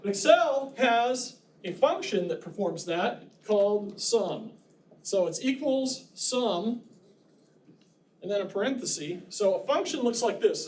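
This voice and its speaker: A man's voice: high-pitched, a little mellow. A middle-aged man teaching a college class, lecturing in a chatty way with joking asides. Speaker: college instructor.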